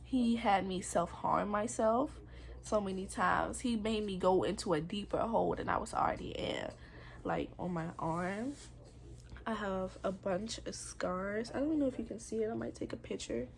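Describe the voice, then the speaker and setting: A woman's voice: medium pitch, lively intonation, moderate pace, vocal fry, a little hiss or hum. A young woman candidly telling a painful personal story in a confessional vlog, emotional and rambling.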